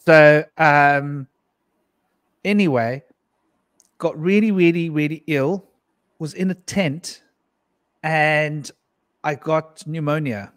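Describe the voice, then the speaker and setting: A man's voice: on the high side, dry recording, clean studio sound. A middle-aged man on a live panel, telling a rambling personal story, laughing often and acting out what people said. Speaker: panel guest.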